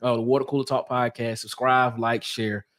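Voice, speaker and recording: A man's voice: mid-range voice, little pitch movement, moderate pace, fairly bright tone. Laid-back man plugging his podcast. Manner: laid-back, repeats "man" and "y'all", many fillers. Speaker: podcast co-host, guest. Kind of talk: casual sports podcast chat.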